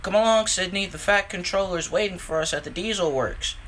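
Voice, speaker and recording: A man playing a brisk, hurried engine driver. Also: high-pitched, fairly bright tone, a little hiss or hum.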